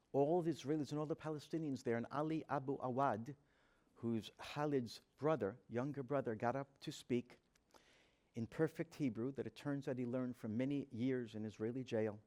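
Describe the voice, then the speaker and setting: A man's voice: medium pitch, moderate pace, darkish tone. A man, a rabbi, telling a personal story to an audience in an earnest, dramatic way, acting out the dialogue he quotes. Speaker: rabbi giving a talk.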